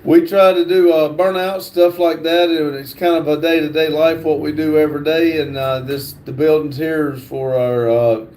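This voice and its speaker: A man's voice: a little high, level tone, normal speed, hardly any pauses, a little mellow, a little hiss or hum. A man hosting a casual livestream, reading viewers' comments aloud. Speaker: livestream host.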